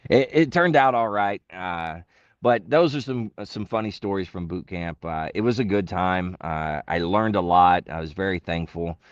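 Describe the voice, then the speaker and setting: A middle-aged man, a retired Marine, casually telling stories and acting out the voices of the people in them, with sudden jumps in pitch and laughter. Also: moderate pace, clear, resonant tone, no echo, highs cut off. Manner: animated, acts out quotes with big pitch jumps and laughs. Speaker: interview guest, retired Marine. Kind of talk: casual storytelling.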